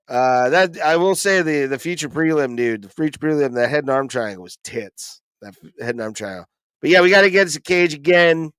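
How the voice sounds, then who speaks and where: A man's voice: on the high side, fairly bright tone, clear, resonant tone, no echo. A young man hosting a livestream, giving casual, profane reaction commentary on a fight card, often frustrated and full of fillers.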